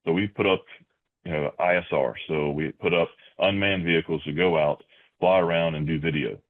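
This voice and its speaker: Deep-voiced man on a tinny line. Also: steady tone. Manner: measured, lots of "you know" and repeated words. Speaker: podcast guest. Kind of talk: conversational interview answers. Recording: tinny phone-like remote line.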